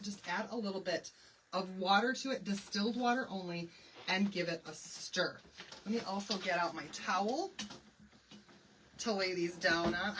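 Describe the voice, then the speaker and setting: A woman's voice: mid-range voice, fairly bright tone, far from the mic, a little hiss or hum, low-quality recording. A middle-aged woman from Michigan hosting a casual live craft demonstration, chatting and greeting viewers by name. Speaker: craft livestream host.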